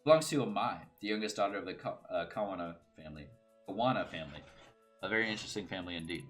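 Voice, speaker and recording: Guy reading a smug little station attendant who loves explaining things, lowish voice. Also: expressive, very fast, fairly bright tone, faint music behind. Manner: self-important, chatty. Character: chatty know-it-all station attendant. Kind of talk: reading game dialogue aloud.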